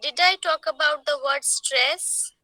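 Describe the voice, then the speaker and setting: A woman teacher explains at a slow, deliberate pace, often asking her class questions. Her voice is high and very bright. She coughs often, and the sound is dry and close. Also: dry recording, low-quality recording. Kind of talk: online lecture.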